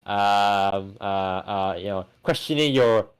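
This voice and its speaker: A man co-hosting a casual movie podcast, talking in animated bursts full of stammered restarts and swearing. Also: fairly low pitch, slow pace, clean tone. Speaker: podcast co-host. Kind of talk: casual chat.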